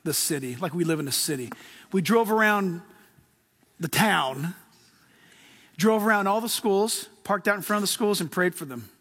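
A middle-aged man preaching a sermon with a fairly high-pitched voice. He talks in a loose, excitable, slangy way, jumping between Bible readings and chatty asides. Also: moderate pace, long pauses. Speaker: pastor.

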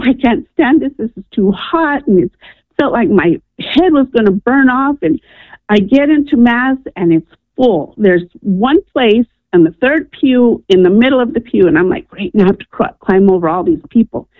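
A woman's voice: fairly high pitch, normal speed, no room sound. Woman caller telling her story over a tinny phone line. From New Mexico, USA. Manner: earnest, animated storyteller acting out voices. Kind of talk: personal story told on a call-in show.

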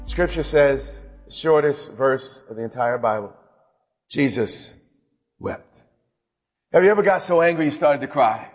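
A man pastor delivers an emphatic sermon with a somewhat high-pitched voice, now shouting, now dropping low. His words ring out with a long reverb in a large church hall. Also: animated, brisk, few pauses, faint music behind. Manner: emphatic preaching, swings from loud to quiet.

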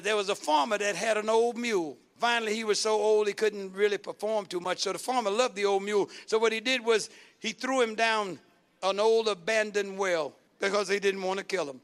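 A man preaching a sermon as pastor, calling out questions to the congregation and building to shouted runs. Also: high voice. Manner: call-and-response preaching, rising to shouts.

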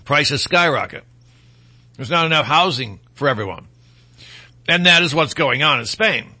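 A man's voice: on the high side, animated, normal speed, bright, forceful tone, husky. A man from Michigan with a Michigan accent, hosting a casual political talk show in a rambling, opinionated way with folksy asides.

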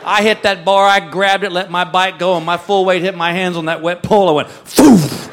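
A man's voice: high voice, little pitch movement, fairly quick, fairly bright tone. A middle-aged man doing stand-up comedy, telling folksy, self-mocking stories about his own mishaps. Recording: live show with audible audience noise.

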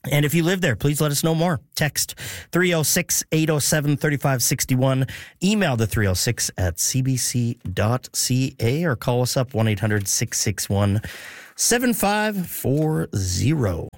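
A man's voice: medium pitch, animated, unhurried. A man hosting a radio show, talking casually and chatting with frequent fillers. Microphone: studio microphone.

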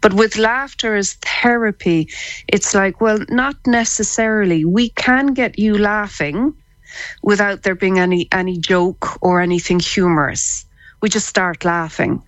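A woman, talking as a guest therapist on a radio show, chatty and quick to laugh, often restarting her words. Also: mid-range voice, no room sound, poor audio. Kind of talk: radio interview chat.

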